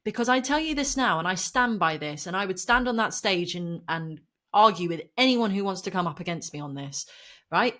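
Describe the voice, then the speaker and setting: A property and mindset coach, appearing as a podcast guest, speaks in a fairly quick, low, bright, forceful voice full of expression. She is impassioned and emphatic, laughing often and getting worked up as she presses her point in the animated conversation.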